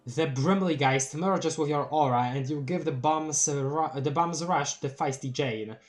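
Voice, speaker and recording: Soft music plays in the background as a Polish-accented streamer reads webcomic captions during a live read-along, pausing to react with laughter and exclamations. The delivery is expressive, medium-pitched and unhurried.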